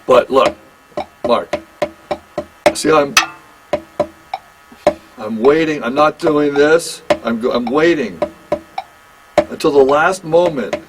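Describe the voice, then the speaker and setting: A man teaching a private drum lesson, explaining technique in halting phrases with restarts and frequent check-ins with his student. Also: on the high side, over music. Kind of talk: one-on-one instrument lesson.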